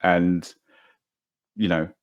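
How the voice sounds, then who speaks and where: British man, podcast co-host, fairly low voice, casual, emphatic. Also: fairly even intonation, very slow. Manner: joking, emphatic predictions. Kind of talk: casual chat.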